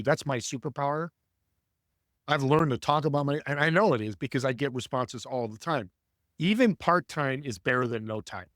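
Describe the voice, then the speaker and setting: A man as a podcast guest and networking coach, telling stories in an energetic, preachy way and speaking straight to the audience. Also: medium pitch, no echo, clean studio sound. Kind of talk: conversational storytelling.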